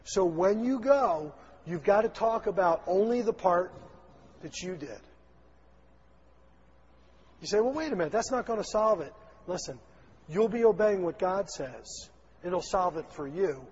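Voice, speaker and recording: Southern male pastor, husky tenor, folksy sermon, lo-fi recording in a reverberant sanctuary. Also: high voice, expressive, measured pace, long pauses, darkish tone. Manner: folksy, acts out little dialogues, chuckles. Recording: dull, lo-fi sound in a long-echo hall.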